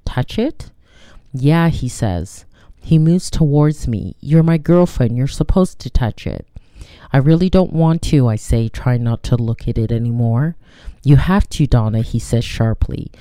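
Mellow, smooth-voiced woman reading her story. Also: a bass voice, no echo. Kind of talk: calm read-aloud of a personal story.

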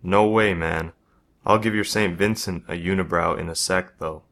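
A man reading a story aloud, voicing a crude, mocking schoolboy bully in his own low voice. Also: fairly even intonation, normal speed, vocal fry, a bit bright. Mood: joking. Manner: taunting, crude.

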